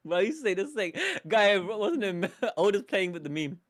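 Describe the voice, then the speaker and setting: A man hosting a live manga reaction, reading the panels aloud and breaking in with slangy, excitable asides and frequent laughter. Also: high-pitched, moderate pace. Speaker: anime reaction streamer.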